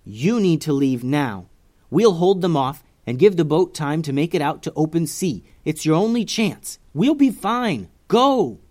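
A man's voice: high voice, fairly even intonation, moderate pace, hardly any pauses, clear, resonant tone, voice pushed up, lightly acted. A man voicing a brave young woman hero in a read-aloud story, giving urgent orders.

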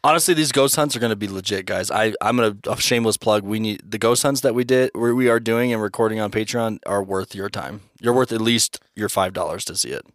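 A man's voice: lowish voice, fast, few pauses, dry recording. Young male co-host, goofy crude humor, dry close sound. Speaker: podcast co-host. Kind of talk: casual podcast chat.

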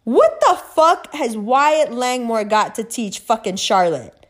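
A woman's voice: a little high, big pitch swings, slow pace. A young woman ranting casually to camera, profane and emphatic with lots of fillers. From South Asian heritage. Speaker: astrology YouTuber.

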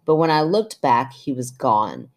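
A woman's voice: very deep voice, very animated, unhurried, a little mellow. An American woman co-hosting a casual podcast, chatting and laughing, and reading a listener's story aloud with her own asides. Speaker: podcast co-host.

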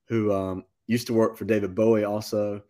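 A man, a musician guest telling a long story in a casual, animated interview. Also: lowish voice, moderate pace. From North Carolina. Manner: animated anecdote-telling, with quoted asides.

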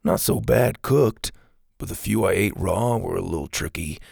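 A man voicing a laid-back, understated boy survivor in a storybook reading, with a husky, gravelly voice. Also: deep voice, normal speed, a little mellow, no room sound, clean studio sound, pitched below the performer's own voice, heavily acted.

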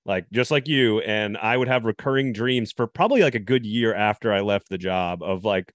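A man's voice: on the low side, moderate pace, hardly any pauses, dry recording. Dry-sounding male podcast host. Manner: conversational, asks rambling questions. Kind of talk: casual podcast interview.

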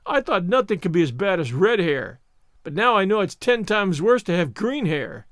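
A theatrical, wordy young girl full of despair, as a man reads her aloud. She talks in lively, swooping tones and pleads at length, in a dry, close storybook sound. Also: sits high, normal speed, dry recording. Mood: wretched. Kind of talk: audiobook character reading.

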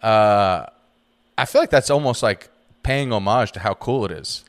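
A young man co-hosting a podcast, explaining his views in relaxed casual chat. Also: lowish voice, normal speed. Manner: relaxed, explaining, often trailing off. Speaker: podcast co-host.

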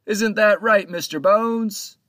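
A man voicing a cheerful, loud pirate captain who shouts his lines, in a storybook reading. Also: high-pitched, slow, no room sound, clean studio sound, voice pushed up. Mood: booming jolly. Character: jolly booming male pirate captain.

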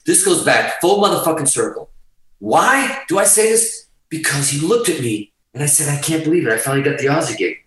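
An excitable middle-aged man spins a long anecdote, swearing constantly and breaking into laughter. His voice sits back from the microphone and rings around a strongly reverberant room. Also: fairly high pitch, fairly quick, recorded from a distance. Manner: profane, excitable, laughing storyteller. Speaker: guest guitarist telling a story. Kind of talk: animated storytelling in casual chat.

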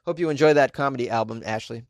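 A man's voice: mid-range voice, fast, no room sound, clean studio sound. A man hosting a comedy podcast in a casual, jokey monologue, a bit tipsy, reading listener mail aloud.

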